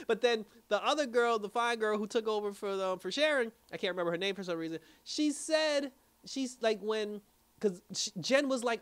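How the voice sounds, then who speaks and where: Animated man recapping a show, laughing often. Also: high-pitched, a little fast, clean tone. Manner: animated, laughs often, mimics characters' lines. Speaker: TV episode reviewer. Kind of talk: casual episode recap.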